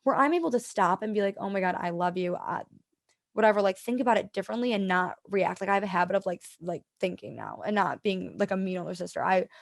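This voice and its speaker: Young woman, podcast guest, chatty and rambling, mid-pitched voice, lots of "like". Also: expressive, fast talker, gravelly. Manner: chatty, lots of "like", talks to herself in quotes. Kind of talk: casual interview chat.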